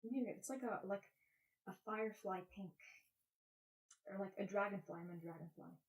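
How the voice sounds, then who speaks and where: A woman's voice: medium pitch, moderate pace, far from the mic. A woman in her twenties chatting casually with her live stream chat, rambling from topic to topic. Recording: roomy sound, away from mic.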